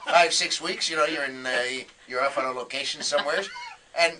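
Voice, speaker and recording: Animated storytelling man on the radio. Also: a little high, brisk, distant mic, background noise. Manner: animated, acts out quoted voices. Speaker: comedian guest.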